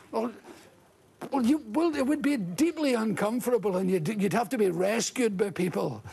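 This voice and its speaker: An older Scottish comedian telling animated, laughing anecdotes as a talk-show guest. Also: male voice, sits high, moderate pace, creaky, background noise. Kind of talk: storytelling talk-show interview.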